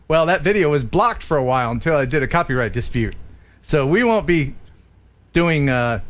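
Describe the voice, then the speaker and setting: A man's voice: a little high, a bit bright. An American man hosting a casual live stream, reading out viewer jokes and laughing often.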